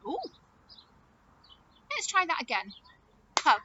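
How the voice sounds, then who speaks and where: A woman's voice: high voice, very animated, normal speed, a bit bright, dull audio, slight background noise. Sing-song woman teaching small children. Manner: sing-song, exaggerated voice play. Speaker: nursery teacher. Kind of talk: lesson for young children.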